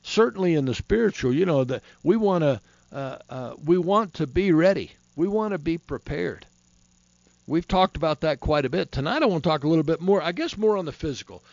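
A man's voice: a little high, expressive, fairly quick, creaky, a little mellow, dry recording, lo-fi sound. A man hosting a Christian talk show on being prepared, talking in a folksy, rambling way with many restarts. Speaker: host.

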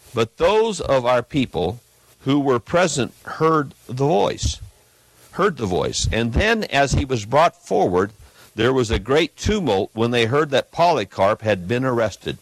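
A man's voice: dry recording, poor audio. Fiery male preacher with swooping delivery. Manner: emphatic, swings between loud peaks and low asides. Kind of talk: fiery sermon with reading aloud. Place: church.

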